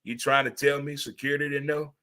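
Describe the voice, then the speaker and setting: A man from St. Louis hosts a casual monologue in a bright, forceful voice at a middling pitch. He talks in an animated way, swears freely and drifts into preachy pep talks. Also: brisk. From St. Louis, USA. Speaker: host.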